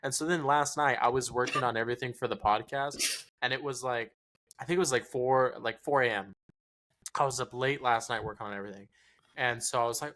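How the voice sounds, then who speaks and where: Man, podcast co-host, rapid, swearing freely, acts out quotes. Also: medium pitch. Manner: profane, animated storytelling with acted-out quotes. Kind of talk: casual chat.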